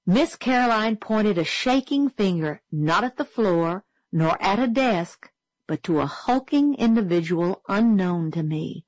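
A woman reading a novel aloud as an audiobook narrator, steady and clear. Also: medium pitch, a little slow, no echo, rough recording. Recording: dry close studio sound.

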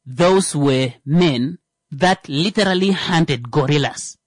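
A man doing a comedic monologue as a comedian, animated and jumping into mocking voices for his bits. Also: fairly high pitch, slow pace, dry recording, clean studio sound. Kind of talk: stand-up style comedic monologue.

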